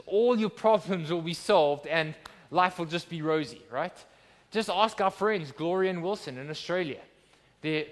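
Male pastor, higher register, preaching earnestly in a reverberant church hall. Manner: earnest, emphatic preaching with rhetorical questions. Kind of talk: sermon.

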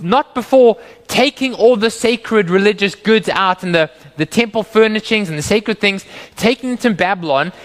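A man delivers an earnest, animated sermon, his voice sitting high for a man. He leans into quoted lines with rising intensity. The sound carries a long reverb, as from a church hall. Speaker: pastor.

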